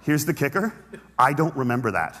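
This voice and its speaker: A man's voice: medium pitch, big pitch swings, fairly quick, a bit bright. A man giving a motivational talk on stage, telling stories with humor and speaking directly to the audience. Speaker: conference speaker. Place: large auditorium stage. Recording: reverberant hall sound.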